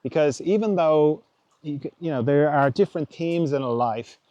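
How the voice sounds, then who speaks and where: A man hosting a reflective spiritual talk, musing gently and voicing imagined thoughts aloud. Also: on the high side, expressive, moderate pace, no echo, lo-fi sound. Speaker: podcast host.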